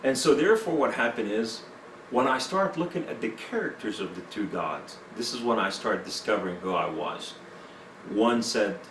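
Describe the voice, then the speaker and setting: Speaking at normal speed in a fairly low, animated voice, a man recounts his personal testimony as an interview guest using broken English with many fillers. Background noise and room echo come through from the distant mic.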